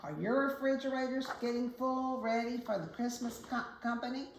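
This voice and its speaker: A woman reading a picture book aloud to children, with gentle, chatty asides. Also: on the high side, moderate pace, hardly any pauses. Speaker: children's story reader. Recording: echoey room, faint hiss.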